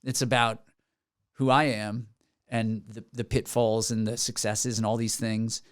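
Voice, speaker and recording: A man's voice: on the low side, level tone, a little slow, no room sound, clean studio sound. A man in his forties, a musician guest on a podcast, telling stories in an earnest, rambling way with many restarts. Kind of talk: casual podcast interview. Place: podcast studio.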